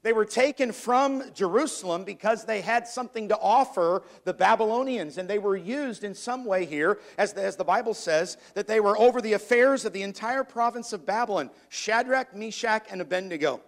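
High gravelly-voiced man preaching. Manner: reads scripture in archaic cadence, slowing for emphasis; repeats words and restarts as he builds points. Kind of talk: sermon with scripture reading.

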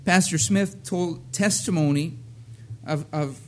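A man's voice: fairly high pitch, slow pace, a little hiss or hum. A middle-aged man preaching a casual sermon, rambling with many fillers and laughing at his own jokes.

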